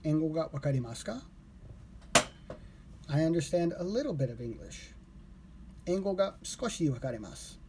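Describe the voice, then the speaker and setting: A man streaming live, casually going over vocabulary he just learned, relaxed and rambling, correcting himself aloud. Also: fairly high pitch, moderate pace, long pauses, slight background noise.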